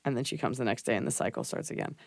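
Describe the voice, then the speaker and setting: A woman's voice: very deep voice, expressive, very fast, vocal fry, no echo, studio quality. A woman hosting a comedic podcast, chatting in a playful, jokey, rambling way. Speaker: podcast host. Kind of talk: casual comedic podcast chat.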